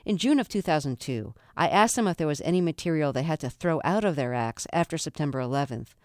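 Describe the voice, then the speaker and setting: Female radio host, smooth voice, dry close mic, measured delivery. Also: low-pitched, dry recording. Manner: measured, calm. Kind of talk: scripted introduction and interview questions.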